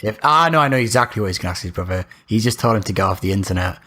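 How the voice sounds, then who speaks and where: A man's voice: lowish voice, lively intonation, racing, bright, forceful tone. A young man, co-hosting a podcast in casual chat, brash and laughing at his own stories, heard over a remote call. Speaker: podcast co-host.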